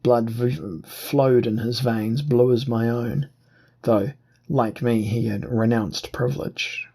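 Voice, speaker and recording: A man narrating an audiobook in a measured, deliberate reading. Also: mid-range voice, steady tone, vocal fry, dark tone, breathy edge. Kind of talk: scripted narration.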